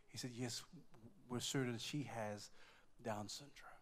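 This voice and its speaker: A man preaching in a church, telling a personal story with strong emotion, repeating words and swinging between hushed and loud moments. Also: medium pitch, moderate pace. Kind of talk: sermon with personal testimony.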